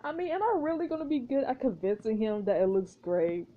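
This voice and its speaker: A woman's voice: a little high, big pitch swings, a little fast, phone-quality sound. A woman reading a story game aloud and chatting through her choices, laughing at the story. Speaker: let's play gamer.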